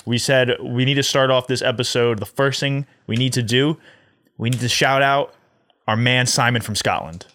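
A man's voice: mid-range voice, normal speed, a bit bright, no echo, studio quality. A young man co-hosting a casual podcast, goofy and self-mocking, laughing often. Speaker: podcast co-host.

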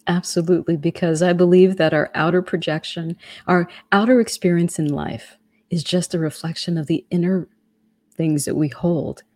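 Husky woman with a low, mellow voice. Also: no echo. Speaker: guest. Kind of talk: casual spiritual conversation.

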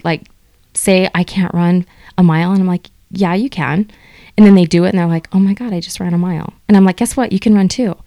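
A woman's voice: on the low side, smooth, dry recording. A middle-aged woman chatting as an interview guest, telling stories animatedly and acting out what people said. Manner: animated storyteller, acts out quoted dialogue. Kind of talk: casual interview chat.

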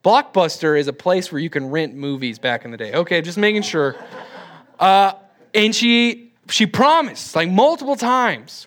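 A young man in his twenties with a somewhat high voice gives a casual church lesson. He talks loosely and rambles, with plenty of "uh"s and restarts. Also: lively intonation, normal speed, a bit bright. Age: 20s. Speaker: church teacher. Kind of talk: casual classroom talk.

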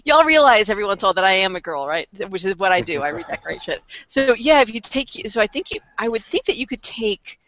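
A woman on a casual group video call, brash and animated, swearing freely. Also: mid-range voice, fast talker, few pauses, dry recording, highs cut off. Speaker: panelist.

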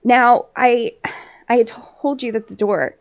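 Sex: woman. Role: podcast host. Style: casual storytelling, laughing and swearing, rambling with fillers. Pitch: somewhat high. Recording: dull lo-fi audio. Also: steady tone, a little slow. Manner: laughs often while telling.

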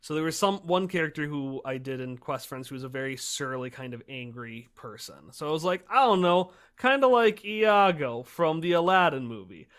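A man who runs tabletop games, explaining his approach in casual podcast chat with lively energy. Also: a little high, moderate pace, hardly any pauses, smooth. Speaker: tabletop game master.

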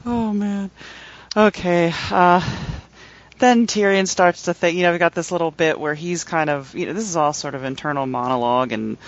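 A man's voice: fairly high pitch, moderate pace. A man co-hosting a podcast, chatting casually about a book and reading from it, rambling with many fillers. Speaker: podcast co-host. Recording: dull lo-fi sound.

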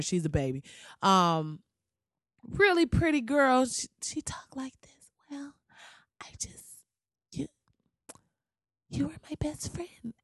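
A woman in her thirties talking casually as a podcast host, loud and profane, her voice jumping high for emphasis. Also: dry recording, clean studio sound. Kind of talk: casual solo commentary.

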